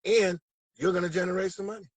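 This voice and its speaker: A man's voice: high voice, steady tone, quick pace, rough recording. A man from Massachusetts, a guest in a casual interview, talking animatedly in profane street slang. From Brockton, Massachusetts. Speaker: guest musician.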